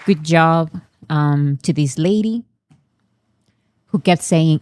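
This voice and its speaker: A woman's voice: low-pitched, slow, long pauses, a little mellow, clear, resonant tone, dry recording, some chatter behind. A woman hosting a casual commentary, translating fan clips in a chatty way with fillers and restarts. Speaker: host.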